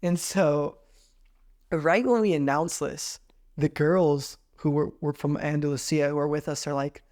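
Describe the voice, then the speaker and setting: A man in his twenties, a podcast host, tells a story in a casual, animated way and says "like" often. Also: on the high side, unhurried. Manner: animated, heavy use of "like".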